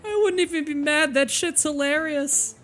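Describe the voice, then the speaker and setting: A woman streamer joking loudly and crudely while commenting on a game she is playing. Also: high-pitched, normal speed, faint music behind. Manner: loud, crude, laughing banter. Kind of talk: casual gameplay commentary.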